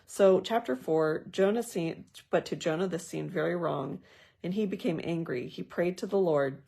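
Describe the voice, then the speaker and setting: A woman's voice: on the low side, normal speed, creaky, mellow, breathy edge. A woman leading a casual Bible study. She reads scripture aloud and then talks through it in a thoughtful, conversational way with personal asides. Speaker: Bible journaling teacher.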